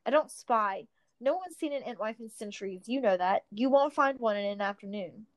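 A woman reading a storybook, voicing a sharp-tongued young hobbit girl who is defiant and tart. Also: fairly high pitch, animated, moderate pace, lightly acted.

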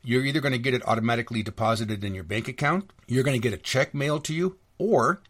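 A middle-aged American man delivers a solo podcast monologue. He talks in an indignant, rambling rant, full of restarts and sarcasm. His voice sits at an ordinary middle pitch for a man. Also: fast, a bit bright. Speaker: podcast host.

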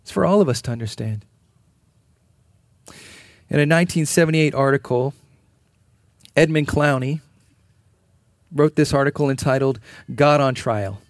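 A man's voice: mid-range voice, normal speed, pauses often, no room sound, clean studio sound. A man preaching a sermon in an earnest, emphatic way, repeating key phrases. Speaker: pastor.

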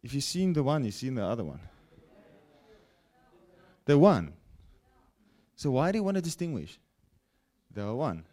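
A man preaching a broadcast sermon, with animated rises and falls and frequent "okay?" check-ins to his listeners. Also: medium pitch, normal speed, pauses often. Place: broadcast teaching setting.

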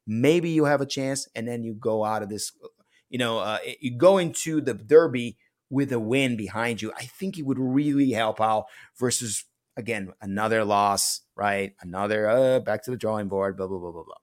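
A man co-hosting a casual sports podcast, opinionated and breaking into quick laughs. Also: medium pitch. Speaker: podcast co-host.

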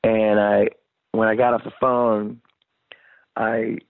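A lowish-voiced man in his sixties, a rock singer, spins a rambling, profane story and slips into the voices of the people he quotes. The sound is dry and narrow, like a phone line. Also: level tone, slow pace, gravelly, no echo. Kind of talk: casual storytelling interview.

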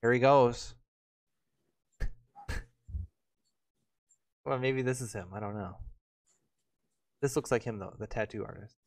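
A man's voice: mid-range voice, takes it slowly, vocal fry, pauses often. A male host reading news aloud in casual chat, breaking off for joking, sarcastic asides.

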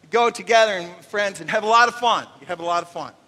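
Casting: male pastor, high voice, animated and joking, sermon in a reverberant church. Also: quick pace. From Canada. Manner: animated, jokey, acts out little voices. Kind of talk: conversational sermon. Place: church sanctuary. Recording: long reverb of a church hall.

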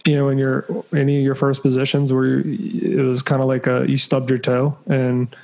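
A man hosting a podcast, asking relaxed, chatty questions and laughing along with his guest. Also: mid-range voice, moderate pace, vocal fry, poor audio. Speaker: podcast host. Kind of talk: casual interview chat.

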